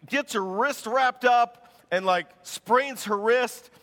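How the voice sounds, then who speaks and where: A man preaching a sermon as pastor, telling stories in an animated way and laughing as he goes. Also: extremely high pitch, slow, in a large hall.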